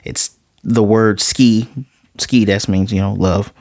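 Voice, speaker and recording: A man's voice: on the low side, slow pace, dry recording, studio quality. A man casually recapping an anime episode in his own voice, retelling it with energy and briefly acting out the characters' lines as he goes. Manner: animated, acts out characters' lines while retelling. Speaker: anime reviewer.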